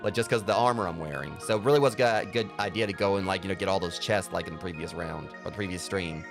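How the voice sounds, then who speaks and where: A man's voice: sits low, quick pace, gravelly, over music. A man giving casual gameplay commentary as a let's play host, rambling with lots of fillers.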